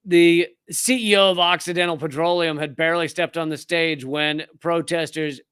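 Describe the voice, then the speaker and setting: Sardonic Southern man with a crisp voice. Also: on the high side, fairly even intonation, fairly bright tone, no room sound, clean studio sound. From Richmond, Virginia, US. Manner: sardonic, rapid and conversational with frequent restarts. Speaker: live-stream political commentator. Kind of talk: live-stream commentary reading chat.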